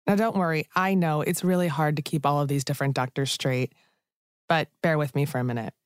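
A woman's voice: low-pitched, steady tone, brisk, clear, resonant tone, no room sound. Chatty woman host narrating, dry studio sound. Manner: chatty, speaks straight to listeners. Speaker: podcast host. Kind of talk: conversational narration.

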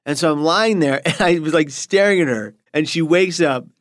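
A man guest telling a lively, funny story about his proposal, acting out the scene as he goes. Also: moderate pace, no room sound, studio quality. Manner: animated storyteller, acts out voices in high squeals. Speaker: interview guest, husband. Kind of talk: comic anecdote.

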